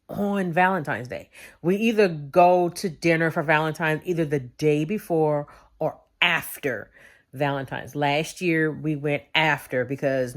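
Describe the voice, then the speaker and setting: Sleepy lady chatting to her vlog cam, slightly low voice, says stuff twice, drops y'all and ain't. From Louisiana. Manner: chatty, repeats herself, drawls with southern slang. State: sleepy, yawning. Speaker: vlogger. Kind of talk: casual vlog chat.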